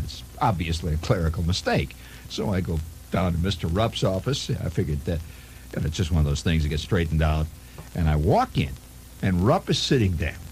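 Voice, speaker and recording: A man hosting a radio show, telling a long story in a chatty, animated way with chuckling asides. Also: low-pitched, slight background noise. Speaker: radio host. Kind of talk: spontaneous storytelling monologue. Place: radio studio.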